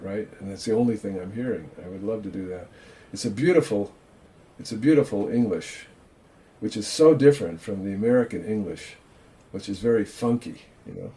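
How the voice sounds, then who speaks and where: A man's voice: fairly low pitch, warm tone. An older man, a Zen teacher, giving an informal dharma talk over a video call in a chatty, self-mocking way.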